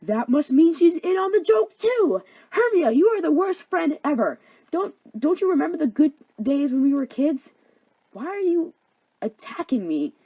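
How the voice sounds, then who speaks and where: A woman voicing an insecure, frantic young woman in a cartoon parody, loud and whiny. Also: sits high, very animated, normal speed, slightly rough, no room sound, pitched above the performer's own voice, exaggerated voice. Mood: upset.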